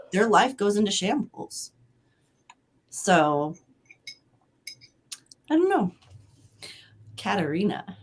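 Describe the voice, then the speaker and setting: A woman in her forties hosting a casual livestream, chatty and laughing as she reads out personality traits. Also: mid-range voice. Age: 40s. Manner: chatty, laughing, spells out hard words. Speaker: livestream host reading birthday personality traits. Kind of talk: casual live chat.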